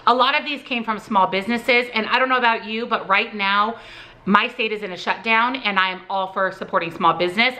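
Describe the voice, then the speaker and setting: A woman in her thirties vlogs at home, showing off her favorite products. She talks in a chatty, upbeat way, with lively jumps in pitch. Her voice is bright and a little high. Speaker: vlogger.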